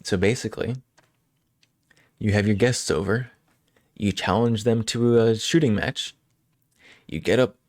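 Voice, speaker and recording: A man streaming live, chatting casually with frequent chuckles and halting restarts as he rambles. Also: on the low side, no room sound, studio quality.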